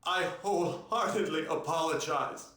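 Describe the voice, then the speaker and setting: A man's voice: fairly high pitch, moderate pace, echoey room, background noise, natural voice. A man voicing a stiff, robotic corporate boss. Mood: stiff, formal. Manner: flat robotic delivery. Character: male company CEO at a press conference, stiff.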